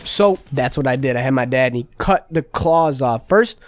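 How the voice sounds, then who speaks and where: A man's voice: mid-range voice, expressive, normal speed, no echo. A young man casually telling a rambling storytime, slangy and profane, full of "like" and "bro". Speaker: vlogger.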